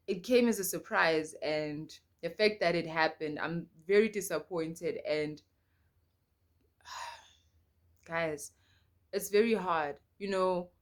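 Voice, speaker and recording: A young South African woman telling a personal story to her viewers in an animated, emphatic way, repeating lines for effect. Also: fairly low pitch. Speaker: storytime vlogger. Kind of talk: casual storytelling to camera.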